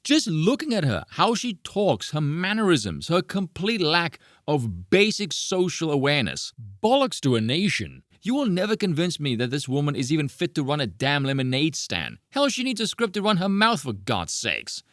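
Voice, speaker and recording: A man's voice: a little high, big pitch swings, normal speed, few pauses, fairly bright tone, dry recording, studio quality. A man ranting sarcastically as a political reaction commentator, mocking and exasperated.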